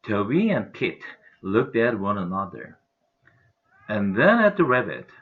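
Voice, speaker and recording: A man with a Korean accent, an English teacher reading a children's novel aloud in an expressive, animated way, on a dull lo-fi recording. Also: lowish voice, measured pace.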